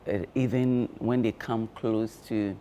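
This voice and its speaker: Slow, low-voiced man explaining health tips. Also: steady tone, mellow, slight background noise. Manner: slow, measured explaining with frequent fillers. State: talking with cloves in his mouth. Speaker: health guest on a breakfast show. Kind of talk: explanatory studio talk.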